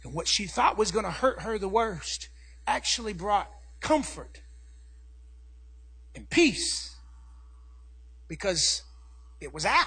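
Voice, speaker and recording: A man preaching a sermon as pastor, telling a family story and rising to shouts. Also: very high-pitched, measured pace, long pauses, husky. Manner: animated preaching, acting out his daughter's voice, rising to shouts.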